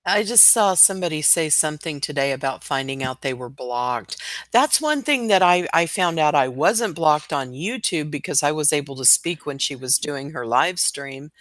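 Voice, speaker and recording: A woman chatting as a guest on a casual online panel, speaking in a low-key, halting way. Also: expressive, a bit bright, no echo. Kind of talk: casual group chat.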